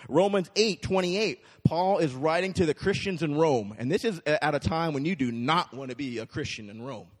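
A man preaches to a congregation in a relaxed, conversational way, often checking in with his listeners. His voice sits a little high for a man. A long reverb from a large church hall hangs behind every phrase. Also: moderate pace. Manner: conversational, checks in with the crowd with frequent "right?". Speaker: pastor. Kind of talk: sermon.

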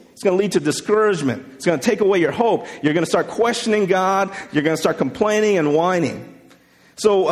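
A man's voice: high voice, big-room sound. A male pastor preaching a sermon in a church, speaking conversationally and asking the congregation questions. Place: church sanctuary.

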